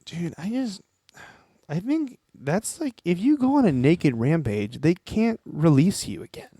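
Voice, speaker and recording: A man's voice: a little high, big pitch swings, measured pace, mellow, slightly rough, dry recording, clean studio sound. A young man co-hosting a podcast, chatting casually and joking as he reads out news stories. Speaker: podcast co-host. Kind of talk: casual chat.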